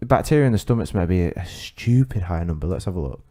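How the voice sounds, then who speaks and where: A man's voice: low-pitched, expressive, a little fast, dark tone. A man co-hosting a podcast, reacting to a story with quips and questions in casual chat. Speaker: podcast co-host.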